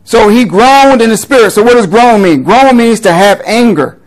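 A pastor reading scripture aloud and explaining it in a conversational teaching sermon, often checking in with a quick rhetorical question. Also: male voice, high voice, animated, low-quality recording.

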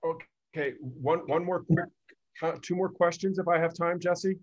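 Slightly high-voiced guy co-hosting, asks stuff tentatively. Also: fairly even intonation, a little slow, darkish tone, dull audio. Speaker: co-host asking questions. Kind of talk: casual interview questions.

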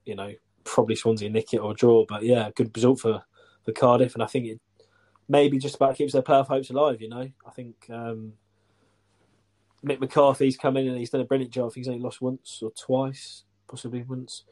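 A man in casual football chat, relaxed and jokey, with many fillers. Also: medium pitch, fairly quick.

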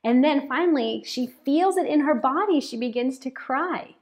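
Higher-voiced woman preaching animatedly. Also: normal speed. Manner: animated, repeats words for emphasis. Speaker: pastor. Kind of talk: sermon. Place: church, speaking to a congregation and online chat.

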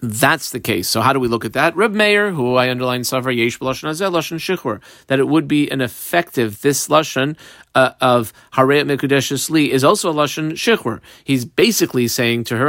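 A man's voice: mid-range voice, expressive, fairly quick, a bit bright, no room sound, studio quality. A man teaching a Talmud class, reading Aramaic phrases and explaining each one in English, step by step, and telling which words he marked on the page.

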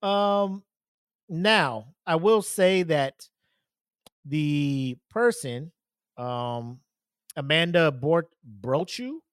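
A man's voice: on the high side, animated, very slow, long pauses, clear, resonant tone, no room sound, studio quality. A man hosting a podcast alone, talking casually and rambling, with lots of swearing, fillers and laughter. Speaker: podcast host. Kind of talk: casual solo podcast commentary.

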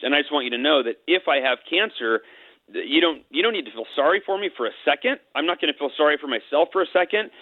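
A middle-aged man's high-leaning voice comes through a tinny phone line with no room sound. Interviewed as a guest, he tells a personal story candidly and emotionally, joking along the way.

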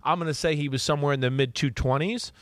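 A man's voice: fairly high pitch, fast talker, no echo. A man co-hosting a casual football talk show, telling stories and quoting players with many "right?" asides. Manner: animated storyteller, quotes players in his own voice, many "right?" asides. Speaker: podcast co-host and football analyst. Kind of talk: casual chat.

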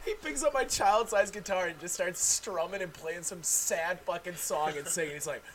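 A young man hosting a casual chat, loudly telling stories with lots of laughing and swearing. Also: sits high, moderate pace, a loud crowd. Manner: loud, laughing storyteller, swears freely.

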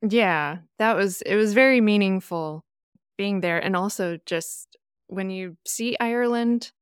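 A woman's voice: mid-range voice, measured pace, clean tone, no echo, studio quality. A woman from the American Midwest, a podcast guest chatting casually and acting out the people she quotes. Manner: animated storyteller, acts out quoted voices.

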